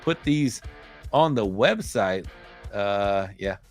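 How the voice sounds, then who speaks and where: A man's voice: medium pitch, animated, normal speed, creaky, a bit bright, soft background music. A man hosting a live online show, reading out a list of upcoming events in a rambling, self-correcting way. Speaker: podcast host.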